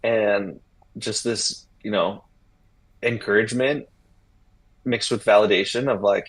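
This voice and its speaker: A husky man in his thirties, an interview guest telling a rambling story and acting out the people in it. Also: fairly low pitch, a little slow, long pauses, rough recording. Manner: rambling, animated retelling with acted-out quotes.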